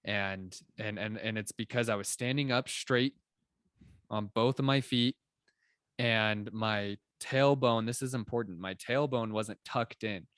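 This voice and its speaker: A young adult man co-hosting a podcast, explaining ideas in an animated, casual way with plenty of filler words. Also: on the low side, unhurried, clean tone, no room sound, studio quality. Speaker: podcast co-host. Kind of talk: casual conversational chat.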